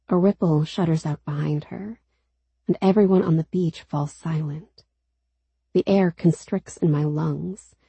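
A woman reading a first-person story aloud in a steady, low-key storytelling manner. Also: husky, no room sound. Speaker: narrator. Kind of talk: first-person audiobook narration.

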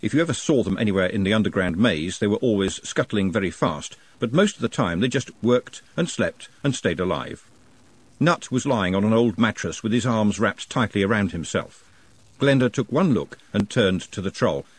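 A man narrating an audiobook in an expressive, wry manner, recorded close to the mic. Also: on the low side, normal speed, breathy edge, dry recording. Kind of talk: scripted narration.

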